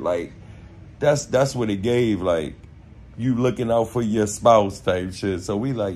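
A young man with a Baltimore accent telling a casual story, animated and profane, acting out quotes in street slang. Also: lowish voice, unhurried, slight background noise. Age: young adult.

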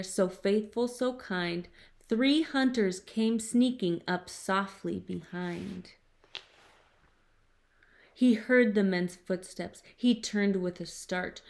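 A woman reads a picture book aloud to her students, taking her time with every line. Her voice sits a little high, and she stays expressive throughout. It has the feel of a classroom story time. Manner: expressive, putting on character voices. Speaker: teacher reading aloud.

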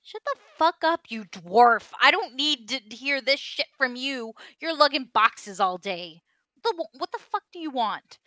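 A woman doing a raging flame-haired male barkeep for a tabletop game, high, bright and crisp, spitting curses. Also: lively intonation, unhurried, dry recording, full character voice. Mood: furious. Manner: snarling, swearing. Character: hot-tempered male fire-haired spirit bartender.

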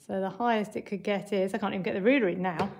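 A woman teacher, explaining maths and reading a picture book aloud to young children in a clear, patient way. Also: mid-range voice, fairly even intonation, quick pace, a little mellow. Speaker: primary school teacher.

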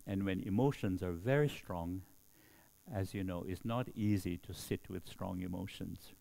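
A middle-aged man speaks as a Buddhist monk giving a dharma talk. His voice sits fairly low, and he talks slowly with many pauses. He keeps checking in with his listeners with a soft questioning "hmm?". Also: creaky. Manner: slow, with frequent questioning "hmm?".

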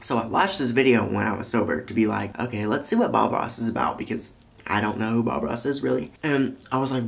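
Giggly rambling young man, lively swings. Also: medium pitch, normal speed, gravelly, soft background music. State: high. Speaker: YouTuber. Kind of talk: casual vlog commentary.

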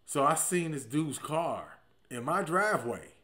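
A man hosting a podcast and telling a personal story in a casual, comic way. He swings from low, mumbled asides to loud outbursts. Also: very animated, measured pace. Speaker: podcast host.

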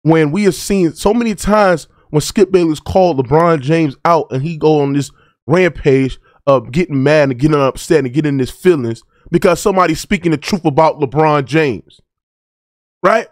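A man's voice: a little high, moderate pace, no room sound, clean studio sound. A man hosting a sports debate reaction show, preaching heatedly and asking "right?" over and over. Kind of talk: reaction commentary.

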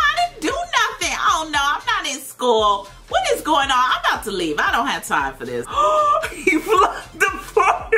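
High, animated woman narrating gameplay. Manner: dramatic, squealing and laughing, talks to viewers. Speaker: gaming video creator. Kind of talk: playful gameplay commentary.

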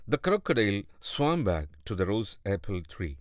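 Male narrator for a kids' fable, slow and deliberate, low and animated. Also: no echo, clean studio sound. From India. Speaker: storyteller. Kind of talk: scripted storybook narration.

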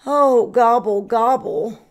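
A woman's voice: on the high side, takes it slowly. A woman reading aloud and voicing a worried, whiny male farm turkey in a storybook. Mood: grumbling. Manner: whiny, exasperated.

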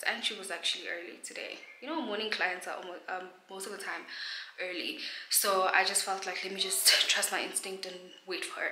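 A woman from South Africa, a realtor, chatting casually to camera in a self-mocking way and often out of breath. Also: medium pitch. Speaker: realtor vlogger. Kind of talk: casual vlog talk to camera. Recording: echoey room with loud background noise.

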